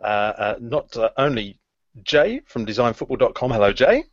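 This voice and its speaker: A man's voice: mid-range voice, very animated, normal speed, no room sound. Man, podcast host, hesitant with fillers, dry wit, lo-fi dull sound. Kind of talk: casual podcast chat.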